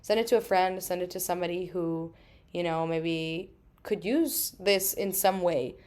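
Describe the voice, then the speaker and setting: A woman in her thirties hosts a solo podcast, speaking emphatically with frequent swearing and quick asides. Her voice is lowish and a little mellow.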